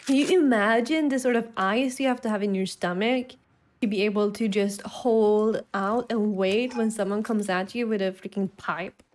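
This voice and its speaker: A woman's voice: medium pitch, normal speed, slight background noise. A young adult woman streamer giving casual, self-deprecating commentary while playing and talking to her chat. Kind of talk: casual live gameplay commentary.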